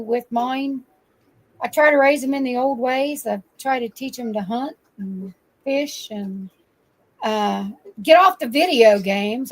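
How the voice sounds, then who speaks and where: An older woman, a grandmother, telling lively farm stories in casual chat and laughing often. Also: a little high, vocal fry, low-quality recording. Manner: animated storyteller, laughs often. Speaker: guest.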